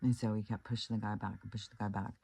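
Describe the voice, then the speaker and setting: A man's voice: lowish voice, flat delivery, rapid-fire, gravelly, dark tone, slightly rough, no room sound. A man from Kansas casually telling a creepy anecdote, rambling with many fillers and restarts. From Kansas, United States. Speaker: channel host. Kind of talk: casual storytelling.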